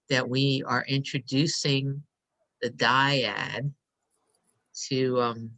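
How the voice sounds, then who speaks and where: A woman hosting a live stream, speaking softly and emotionally as she guides listeners through a breathing meditation. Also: extremely low pitch. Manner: soft, emotional, inviting. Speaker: host.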